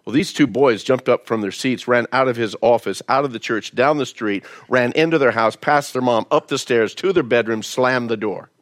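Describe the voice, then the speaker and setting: Male pastor, folksy conversational sermon, middle pitch, dry close sound. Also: normal speed, few pauses, no room sound. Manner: folksy, conversational, repeats words. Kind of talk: storytelling sermon.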